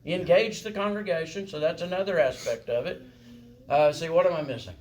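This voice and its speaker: A man's voice: fairly high pitch, brisk, darkish tone, slight background noise. A man teaching a song-leading class in a folksy, encouraging way, often checking in with "right?" and "okay?". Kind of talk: congregational singing lesson.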